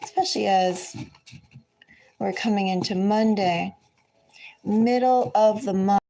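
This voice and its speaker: Slow, gravelly-voiced woman tarot reader. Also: mid-range voice, mellow. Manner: unhurried, chatty, drifts into asides. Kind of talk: casual spiritual reading chat. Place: at home.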